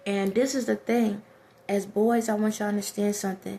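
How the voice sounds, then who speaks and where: A woman's voice: medium pitch, little pitch movement, quick pace, creaky, darkish tone. A woman talking straight to her viewers in a direct, preachy way, giving life advice. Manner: direct, preachy, addresses listeners as y'all. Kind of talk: motivational talk to camera.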